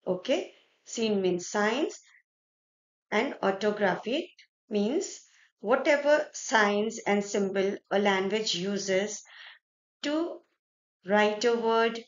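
A woman's voice: medium pitch, takes it slowly, long pauses. A woman with an Indian accent teaching a French lesson, explaining step by step and checking in often with "right?" and "okay". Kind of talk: explaining a French lesson in mixed Hindi and English. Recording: echoey room, dull lo-fi sound.

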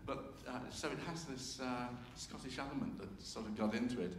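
A man's voice: medium pitch, moderate pace, noisy background. Older man in a concert hall. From England. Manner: hums and sings themes to illustrate, with self-deprecating humour. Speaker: composer introducing his symphony. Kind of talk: informal talk to a concert audience. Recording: roomy hall reverb, faint ambience.

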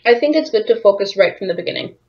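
A woman's voice: mid-range voice, expressive, fast talker, darkish tone. Playful teasing woman on lo-fi call. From Canada. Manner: playful, teasing with mock anger. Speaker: co-host of a game playthrough. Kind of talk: casual chat.

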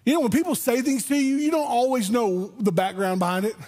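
A man's voice: very high voice, fairly quick, a little mellow. A man pastor preaching a sermon in a conversational way, often restarting his words. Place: church sanctuary.

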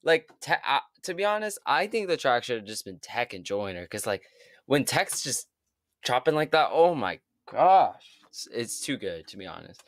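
A man's voice: mid-range voice, very animated, moderate pace, a bit bright, no echo. A man hosting a music reaction video, getting over a cold, exclaiming and stammering in awe between replays. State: hoarse from a cold. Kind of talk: casual reaction commentary.

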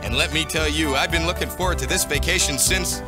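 An actor playing a cheerful cartoon dad, hearty and folksy. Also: male voice, on the high side, a little fast, over loud music, lightly acted. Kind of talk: cartoon voice acting.

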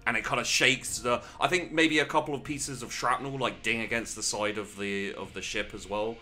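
A man with a British accent narrating a tabletop role-playing game as game master, casual and halting. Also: medium pitch, fairly even intonation, bright, forceful tone, soft background music. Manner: casual, halting with fillers, laughing.

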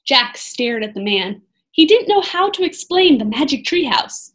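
A woman reading a children's chapter book aloud like a teacher, gently pausing to ask her listeners questions. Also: high-pitched, big pitch swings, poor audio. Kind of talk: storybook read-aloud for children.

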